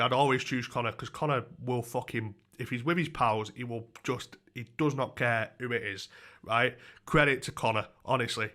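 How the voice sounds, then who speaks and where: A young man, a streamer telling a rambling story full of swearing and restarts. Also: mid-range voice. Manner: profane, excitable, rambling with many restarts. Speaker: YouTuber streamer. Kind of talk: casual storytelling on a livestream.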